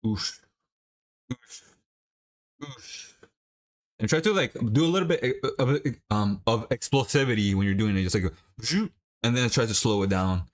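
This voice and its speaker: A young man chatting casually while watching a match live and coaching viewers through a quick workout. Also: fairly low pitch. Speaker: livestream host. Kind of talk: casual watch-along chat.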